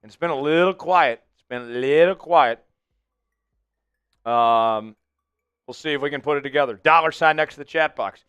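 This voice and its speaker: Excitable man hosting a game watch-along. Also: on the high side, normal speed, pauses often, clear, resonant tone, dry recording, muffled recording. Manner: excitable, hypes up chat viewers. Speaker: fan livestream host.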